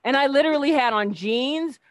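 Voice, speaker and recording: Woman guest, fairly high voice, lively chatty storyteller who acts out the quotes, dry close sound. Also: brisk, dry recording. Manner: animated, acts out quoted dialogue, laughs often. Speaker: keynote speaker, guest. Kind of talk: casual storytelling chat.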